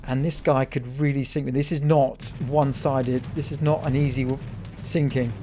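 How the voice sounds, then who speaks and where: Guy hyping up his own game replay, mid pitch, faint music behind. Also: moderate pace. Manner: excitable, talks to viewers as folks, cheers his teammate on. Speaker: gaming channel host. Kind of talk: play-by-play commentary of a naval battle game replay.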